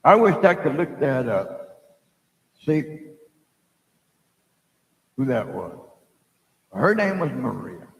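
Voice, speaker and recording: Middle-aged male psychic host, rough gravelly voice, meandering spoken story, booming echoey room. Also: sing-song, slow, long pauses. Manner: meandering, loses his thread, many fillers. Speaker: psychic storyteller hosting a live stream. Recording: echoey room with long reverb.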